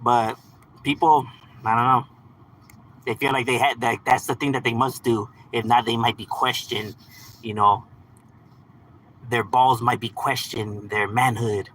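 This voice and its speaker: A man hosts a livestream, reading chat messages aloud and answering in a laid-back, slangy, profane way, laughing frequently in casual live chat. His medium-pitched voice is steady and a bit bright, unhurried with long pauses, on a rough recording.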